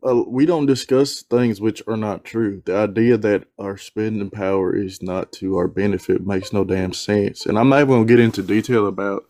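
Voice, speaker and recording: A man's voice: on the low side, fairly even intonation, moderate pace, hardly any pauses, a little mellow, dry recording, clean studio sound. A man on an online debate panel, rebutting firmly and dismissively.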